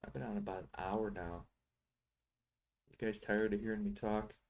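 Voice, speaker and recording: Speaking at a normal speed in a steady, lowish voice that's gravelly yet slightly mellow, this middle-aged futures trading software seller narrates his trading screen live. He rambles, teases, and thinks out loud.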